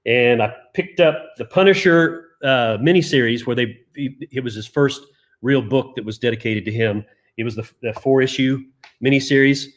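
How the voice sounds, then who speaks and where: A man's voice: mid-range voice, moderate pace. A man in his fifties co-hosting a casual chat, telling rambling stories with chuckles. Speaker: co-host. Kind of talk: casual chat about comic collecting.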